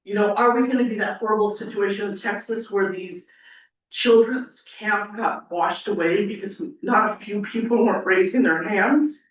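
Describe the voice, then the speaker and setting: A woman's voice: medium pitch, moderate pace. A woman giving an earnest, rambling public comment at a city council meeting, tearful as she speaks. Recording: echoey council chamber, mic at a distance.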